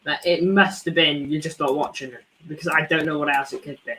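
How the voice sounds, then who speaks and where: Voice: medium pitch, fairly even intonation, fairly quick, sharp tone, a little hiss or hum, low-quality recording. A football fan hosting a live watchalong stream, ranting in frustration with many rhetorical questions and repeated points. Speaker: fan channel host.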